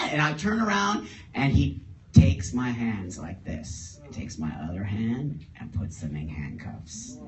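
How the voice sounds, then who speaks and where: A man telling a story on stage to a live audience. He talks in an animated way, laughs often and acts out the other people's lines. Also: on the high side, slow. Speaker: guest storyteller. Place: live event in a store before an audience. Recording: roomy live room, distant mic, audible audience.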